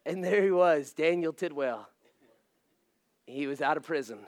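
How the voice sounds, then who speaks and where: A man in his thirties, a pastor, telling a humorous story from the pulpit, self-mocking and animated. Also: a little high, measured pace, noisy background.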